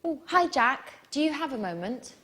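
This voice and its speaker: An actress playing Anne, a woman asking a friend for advice on buying a car, in a scripted language-course dialogue with clear, careful delivery. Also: high-pitched, very animated, normal speed, music in the background. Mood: friendly. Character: Anne, woman shopping for a modest new car.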